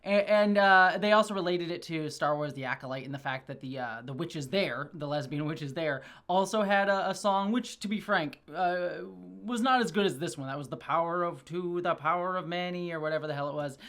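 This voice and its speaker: A woman hosts a casual review video in a lowish, lively voice. She talks in quick bursts with many restarts, and her pitch swings up sharply whenever she gets excited. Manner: animated, chatty, with frequent restarts and swings in pitch. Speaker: video reviewer and channel host.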